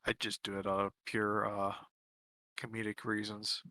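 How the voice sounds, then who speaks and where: Man, casual streamer chat, bright clear tone, dry close mic, easygoing. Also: lowish voice, completely flat delivery, moderate pace, no echo, low-quality recording. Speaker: tabletop game player.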